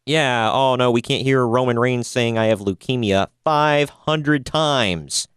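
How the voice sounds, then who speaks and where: A man's voice: mid-range voice, slow, a bit bright, clean tone, dry recording, studio quality. A man hosting a casual wrestling news podcast, wry and opinionated, often laughing at his own jokes. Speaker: podcast host.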